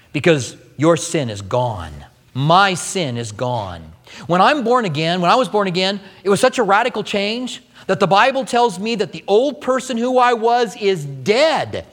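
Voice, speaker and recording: A male pastor preaching a sermon to a congregation, emphatic, swinging his pitch and pace and repeating phrases for emphasis. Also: a bit bright. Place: church sanctuary before a congregation. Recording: sermon with long hall reverb.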